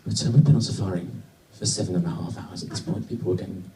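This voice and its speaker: A man from Britain doing a stand-up routine, telling a wry story with sudden excited bursts. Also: low-pitched, fast talker, distant mic, noisy background. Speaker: stand-up comedian. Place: comedy venue with a live audience. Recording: echoey venue, mic from afar.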